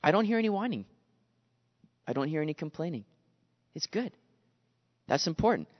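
A man preaching a sermon in an animated way, acting out the voices he quotes. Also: fairly high pitch, normal speed. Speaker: pastor. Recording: dull lo-fi sound with long reverb.

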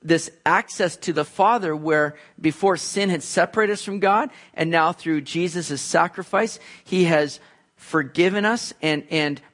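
A man's voice: fairly high pitch, a bit bright. A man preaching a sermon as pastor, explaining scripture in a conversational way and acting out quoted voices.

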